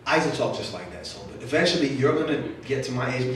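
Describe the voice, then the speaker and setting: Talking fast in an animated, slightly bright medium-pitched voice, a male author jokes with young readers and answers their questions, putting on voices for quotes. It's a casual Q&A in a literary center's event room, captured from a distance in a very echoey space with faint noise.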